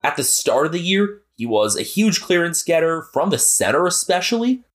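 A man's voice: on the high side, big pitch swings, normal speed, fairly bright tone. An American man co-hosting a podcast, chatting casually and analytically about football. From United States. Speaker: podcast co-host. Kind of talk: casual sports chat.

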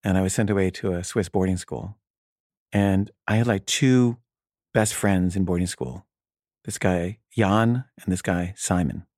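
Guy telling a story about himself, laid back and wry, kinda low voice, dry sound. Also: steady tone, a little slow, darkish tone, no room sound. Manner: casual, wry, many filler likes. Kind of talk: personal storytelling.

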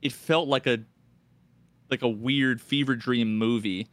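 A man co-hosting a casual gaming podcast, telling stories in an animated way and swearing freely. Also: medium pitch, unhurried, dry recording. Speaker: podcast co-host.

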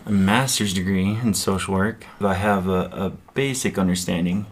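A young man introducing himself as a guest on a podcast, in a measured way. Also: low voice, a little hiss or hum. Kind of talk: casual chat.

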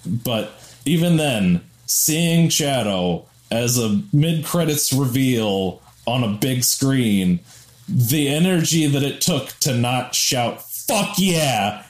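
A young man co-hosting a casual podcast, talking excitedly and with swearing about a film. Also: medium pitch. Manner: excited, profane, self-deprecating. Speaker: podcast co-host.

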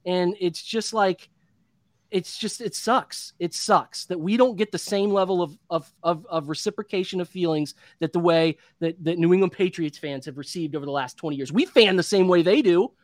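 A man's voice: high voice, normal speed, no echo, clean studio sound. A man in his thirties hosting a postgame sports show, venting in an impassioned, repetitive rant. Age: 30s. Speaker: podcast host.

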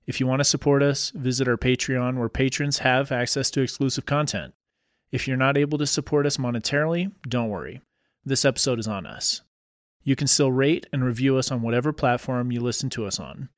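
Podcast co-host reading the outro, dry close mic. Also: male voice, mid-range voice, fairly quick, no echo. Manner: laughs often, reads outro smoothly. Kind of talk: casual chat and read outro.

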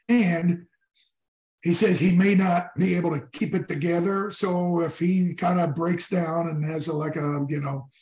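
A man in his sixties, a former football player telling stories in a casual interview, animated, swearing and acting out his teammates' lines. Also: a little high, measured pace, roomy sound, rough recording. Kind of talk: storytelling in casual conversation.

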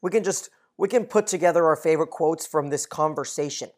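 A podcast co-host retelling TV scenes in relaxed, chatty talk, laughing easily along the way. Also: medium pitch, a little fast. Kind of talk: casual TV recap chat.

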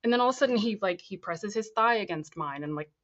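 A young woman, a guest on a talk show, telling her story in a casual, animated way and acting out the voices of people she quotes. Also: mid-range voice, quick pace. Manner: animated, acts out quoted voices, laughs often. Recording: slightly dull lo-fi sound.

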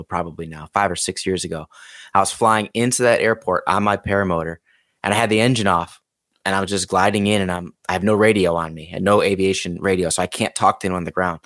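A man with a fairly low voice tells a story in a casual, animated way. He acts out his own remarks and other people's replies as he goes. The sound is dry and close. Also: dry recording. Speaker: podcast guest, pilot and video creator.

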